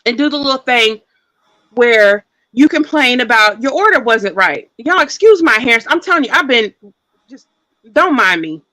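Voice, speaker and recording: A somewhat high, bright and forceful woman's voice, a little winded. She talks in a loose, colloquial way as she tells a story to her viewers on a casual live stream. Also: normal speed, poor audio. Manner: colloquial, expressive, chatty with viewers. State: out of breath. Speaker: co-host telling a story.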